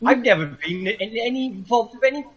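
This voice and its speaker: High-pitched man, angry, swearing, voice chat argument. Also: expressive, brisk, fairly bright tone, breathy edge, dull audio. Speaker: chat participant.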